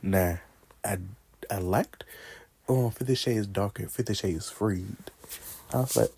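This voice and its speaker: A man in his twenties chatting casually in a vlog, animated, talking back to characters and laughing often. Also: lowish voice, unhurried, vocal fry, pauses often, slight background noise. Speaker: vlogger ranking favorite movies. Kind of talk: casual chat.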